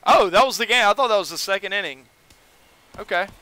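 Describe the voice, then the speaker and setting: A young man casually commentating a baseball video game on a live stream, joking with his chat and getting excitable. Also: sits high, a little fast, clear, resonant tone, no echo.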